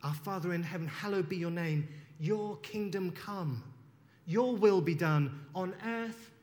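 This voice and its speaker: A man delivers a sermon in a measured, unhurried way, reading scripture aloud and reflecting on it. His voice sits on the higher side, and a long reverb trails his words around a large hall. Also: a little mellow. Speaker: preacher.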